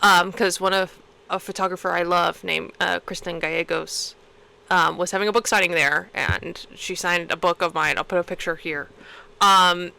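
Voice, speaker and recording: A young woman co-hosting a podcast, telling a rambling, excited story in casual chat and swearing freely. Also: fairly low pitch, moderate pace, creaky, low-quality recording. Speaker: podcast co-host.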